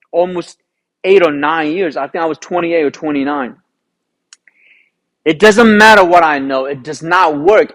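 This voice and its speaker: Man, golf coach, high-pitched, unhurried, animated storytelling, rhetorical questions. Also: rough recording. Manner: animated, rhetorical questions, re-enacts his own thoughts. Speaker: golf instructor.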